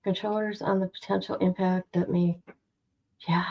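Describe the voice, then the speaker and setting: A woman reacting live for her viewers, talking plainly and bluntly at a middle pitch. Her sound is a little dull and lo-fi, as if from a basic setup. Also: level tone, moderate pace, vocal fry. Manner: chatty, blunt, talks straight to her audience. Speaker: streamer reacting to news. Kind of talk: casual live commentary to viewers.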